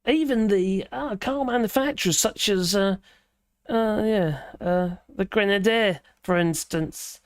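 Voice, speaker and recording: A woman's voice: mid-range voice, unhurried, dry recording, studio quality. A woman hosting a livestream, reading a news article aloud and breaking off for sarcastic, mocking remarks, with many fillers and hesitations. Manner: sarcastic, mocking asides between read passages. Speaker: livestream host.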